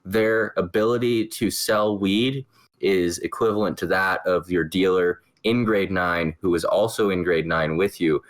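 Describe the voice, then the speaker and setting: Canadian guy hosting a podcast, kinda low voice, jokey, laughs a lot. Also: fairly even intonation, unhurried. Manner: joking, laughs often. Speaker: podcast host. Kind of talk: casual chat.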